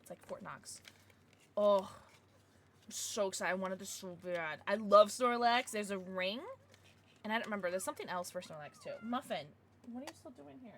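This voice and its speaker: A woman's voice: mid-range voice, expressive, normal speed, a bit bright, slight background noise. A young woman streaming casually from home, gushing over gifts and baby-talking to her dogs between chats with viewers. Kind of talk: casual livestream chat.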